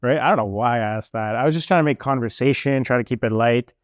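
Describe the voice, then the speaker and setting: A young man telling a travel story in casual chat, animated and full of fillers. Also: mid-range voice, fast talker, no echo, clean studio sound. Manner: animated, lots of fillers, mimics officials.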